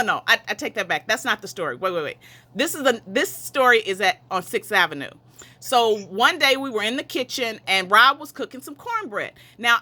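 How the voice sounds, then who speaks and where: A woman with a bright, forceful voice pitched a little high tells family stories in a loose, chatty way. She laughs as she goes and drifts into side tracks before finding her way back. She is speaking on a video call from home. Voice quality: laughs often while telling, digresses. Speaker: relative sharing memories at a memorial. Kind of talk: casual storytelling.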